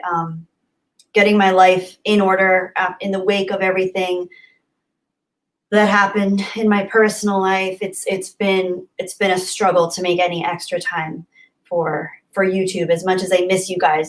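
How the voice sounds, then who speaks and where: A woman hosting a casual livestream, reading viewer comments aloud and answering them in an earnest, thankful, rambling way with many fillers. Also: lowish voice. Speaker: YouTube livestream host.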